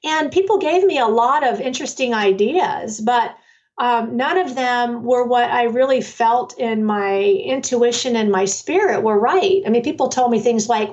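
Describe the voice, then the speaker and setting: A woman's voice: on the high side, normal speed, darkish tone, distant mic, muffled recording. A middle-aged woman, an author and parenting workshop leader, telling her story in a loose, rambling way full of fillers and restarts. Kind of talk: conversational storytelling interview.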